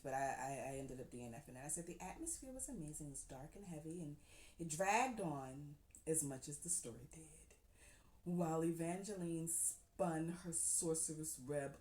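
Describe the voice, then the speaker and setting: A woman talking casually about books she has read, chatty and quick to giggle, calling her listeners "honey.". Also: low voice, a little mellow. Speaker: book reviewer. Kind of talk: casual chat. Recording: roomy echo.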